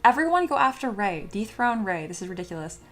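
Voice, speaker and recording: Young woman streamer, mid pitch, casual chat, acts all outraged, soft music underneath. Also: big pitch swings, quick pace. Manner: dramatic mock outrage, swears.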